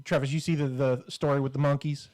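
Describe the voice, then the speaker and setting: A man's voice: medium pitch, little pitch movement, fast, a little mellow. Rambling, joking man podcast host. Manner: rambling, joking, with frequent fillers. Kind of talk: casual comedy podcast banter.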